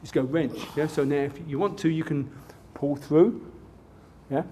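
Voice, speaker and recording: Punchy, dark-voiced man teaching moves. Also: on the high side, fairly even intonation, moderate pace, slight background noise. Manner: punchy teaching, constantly checking with "yeah?". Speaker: martial arts instructor. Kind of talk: seminar demonstration.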